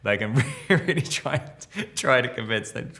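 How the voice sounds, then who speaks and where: A man's voice: mid-range voice, expressive, moderate pace, bright, forceful tone. A man being interviewed about his acting roles, rambling and amused at himself, restarting his sentences often.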